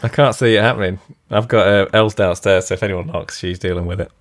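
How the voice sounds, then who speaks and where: A man with a very low voice co-hosting a podcast. He talks in a relaxed, chatty way and laughs easily between points. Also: quick pace. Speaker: podcast co-host. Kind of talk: casual podcast chat.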